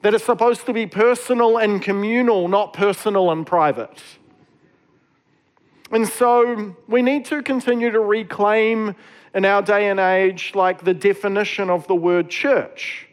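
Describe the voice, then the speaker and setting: High-voiced man preaching casually. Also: unhurried. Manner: casual, conversational preaching with many fillers. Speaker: pastor. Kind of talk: sermon.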